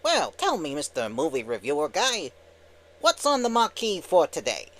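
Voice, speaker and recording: A brash, fast-talking meerkat with a sly, jokey streak, as a man puts him on for a comic skit. He chatters on cheekily and fires off quips. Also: fairly high pitch, huge pitch swings, fairly bright tone. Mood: wisecracking. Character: wisecracking male meerkat, fast-talking schemer.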